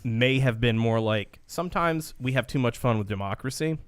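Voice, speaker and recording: A man's voice: mid-range voice, normal speed, clear, resonant tone, no room sound. Man, casual podcast chat, wry humor, dry close sound. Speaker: podcast co-host.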